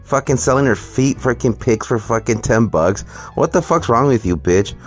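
A man's voice: medium pitch, animated, moderate pace, faint music behind. A man hosting a ranting, profane, mocking reaction commentary. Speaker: commentary host.

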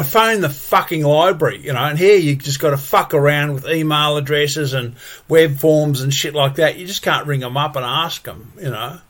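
A man's voice: fairly high pitch, fairly bright tone. A man ranting angrily and profanely, full of exasperated repetitions. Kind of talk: angry solo rant.

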